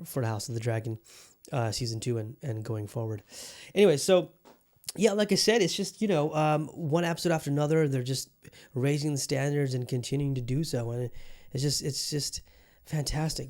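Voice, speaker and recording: Man, podcast host, casual review chat, mid-pitched voice, rambling, stop-start, enthusiastic, swears casually. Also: a little mellow.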